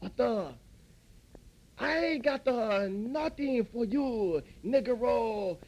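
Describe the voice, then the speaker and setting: A man's voice: very high voice, lively intonation, slow, a little mellow, exaggerated voice. A man voicing a hot-tempered young male restaurant worker who sputters broken, angry threats. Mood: furious, sputtering.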